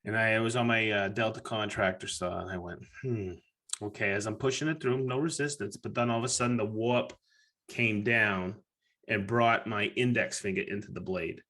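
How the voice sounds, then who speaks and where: A man hosting a podcast, telling a story in casual chat, animated and profane, acting out his own reactions. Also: lowish voice, moderate pace. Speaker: podcast host.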